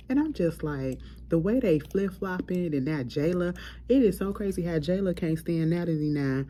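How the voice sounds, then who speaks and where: Low-voiced blunt woman gossiping about reality TV. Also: moderate pace, a little hiss or hum. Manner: blunt, profane, animated storytelling. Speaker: host. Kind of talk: casual reality TV commentary.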